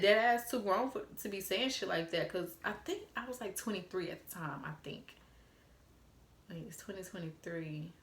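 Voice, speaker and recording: A woman in her twenties telling a story to camera, animated and profane, laughing as she acts out old text messages. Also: on the low side, echoey room, a little hiss or hum. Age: 20s. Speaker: storytime vlogger.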